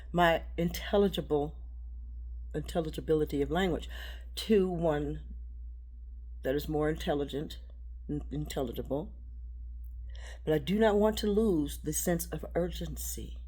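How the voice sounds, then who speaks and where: A woman giving a rambling, preachy spiritual monologue, halting and repeating words, dropping to a hush and then rising loud. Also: low voice, breathy edge. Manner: preachy, swings between hushed and loud.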